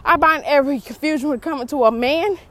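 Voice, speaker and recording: A woman's voice: high voice, fast talker, rough recording. A woman preaching and praying fervently in a casual, slangy way, out of breath from a workout. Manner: fervent, repetitive rebuking prayer, casual slang. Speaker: vlogger preaching to viewers. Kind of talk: informal preaching and prayer.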